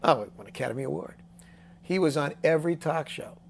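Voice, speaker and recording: A man in his sixties, a songwriter guest telling a story in a casual interview, animated and acting out the voices of people he quotes. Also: on the high side, brisk, gravelly, a little hiss or hum. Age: 60s.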